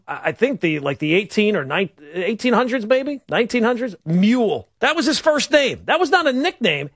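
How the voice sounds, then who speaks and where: A man's voice: very high voice, fairly bright tone, no room sound, studio quality. A man hosting a sports talk radio show. He rambles and riffs with wry humor in a casual monologue.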